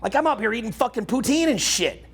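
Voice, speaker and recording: Brash Canadian coach in his forties, raspy throat, pitch swinging wide, cursing through a live talk. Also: quick pace. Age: 40s. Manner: brash, profane, animated lecturing with mocking put-on voices. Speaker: dating and social skills coach. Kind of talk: live seminar talk to a crowd.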